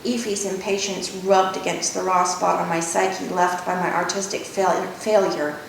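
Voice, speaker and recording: A woman author reading her novel aloud in measured first-person narration. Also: level tone, gravelly, recorded from a distance. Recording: echoey room, faint rumble.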